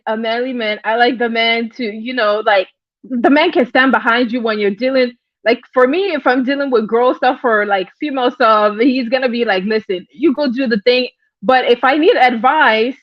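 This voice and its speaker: A woman's voice: a little high, moderate pace, no echo, highs cut off. A woman hosting a casual livestream, chatting with viewers, greeting them by name and often repeating her phrases. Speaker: livestream host.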